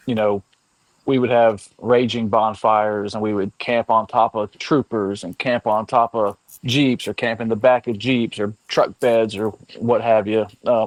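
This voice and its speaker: A man's voice: mid-range voice, no echo, poor audio. A man guest telling easygoing, self-deprecating stories about his past vehicles in a casual chat over a video call. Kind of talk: casual storytelling. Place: home garage area.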